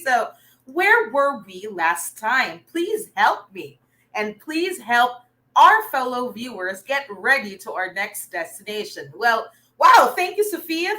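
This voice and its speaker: A young woman leads a livestreamed reading lesson, cheering her viewers on and reading from their comments. Her voice is bright and animated, swooping up and down in pitch, and she takes her time over each phrase. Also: poor audio. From Philippines. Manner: upbeat, praising, talks to viewers' comments. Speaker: online reading teacher.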